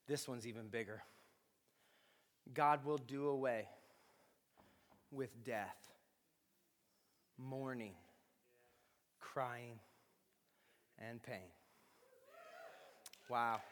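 A man's voice: a little high, a bit bright, a little hiss or hum. A man preaching a sermon as a pastor, speaking with impassioned emphasis. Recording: long reverb of a large hall.

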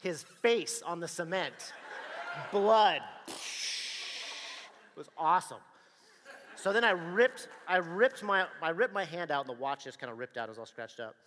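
A man telling a personal story to an audience in a dramatic, animated way, acting out the dialogue and the action. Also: fairly high pitch, fairly quick, in a large hall.

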